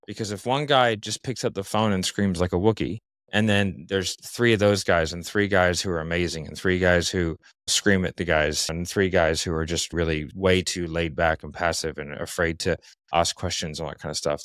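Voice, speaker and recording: A man's voice: sits low, a bit bright, dry recording, studio quality. A man giving casual interview talk as a podcast guest, confident and blunt, explaining with examples.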